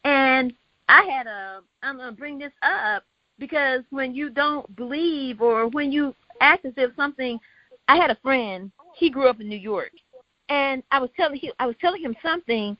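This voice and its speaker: A woman with a high voice tells a story in a casual panel talk. She is animated and quotes the people she talks about. The sound is dry and a bit dull and lo-fi. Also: normal speed, no echo. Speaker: host. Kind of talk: casual discussion.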